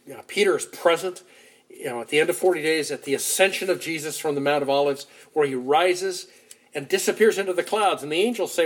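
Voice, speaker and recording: A man preaches, retelling scripture as a vivid story. His voice sits fairly high for a man and moves between loud and quiet, with quick runs and slowed, stressed words. He sounds like he is leading a congregation through the account. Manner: animated storytelling, shifting loudness, acts out quotes. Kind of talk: sermon retelling a Bible story.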